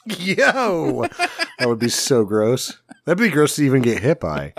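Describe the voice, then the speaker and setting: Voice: medium pitch, huge pitch swings, measured pace, no room sound, clean studio sound. A podcast co-host chatting wryly about a movie. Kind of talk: casual chat riffing on a movie.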